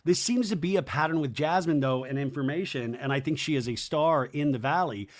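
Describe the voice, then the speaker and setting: A man hosting a podcast, recapping a reality show in casual, animated commentary and acting out quotes in quick mock voices. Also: a little high. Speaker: podcast host.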